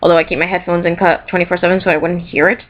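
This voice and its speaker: A woman vlogger chatting casually and excitedly about things she bought, rambling and giggling, recorded in a bedroom. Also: lowish voice, racing. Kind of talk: casual chat showing off purchases. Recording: slightly dull lo-fi sound.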